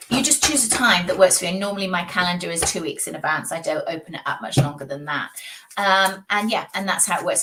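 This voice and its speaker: A woman, a psychic, chatting and doing readings on a casual live stream, with rambling, animated talk and frequent laughs. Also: on the low side, far from the mic, noisy background. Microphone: video call.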